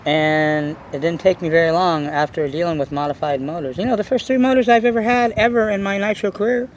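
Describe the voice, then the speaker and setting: A man talking to camera about his hobby in a casual, boastful, rambling way, full of restarts and excitement. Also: fairly high pitch, a little hiss or hum. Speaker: RC nitro hobbyist vlogger.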